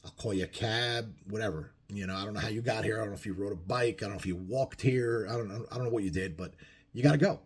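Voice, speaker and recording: A man's voice: on the low side, fast, slightly rough. A man telling a bar-fight story casually to camera, swearing constantly and acting out the quoted lines with bursts of volume. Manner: profane, conversational, acts out quoted lines loudly. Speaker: storyteller biker vlogger.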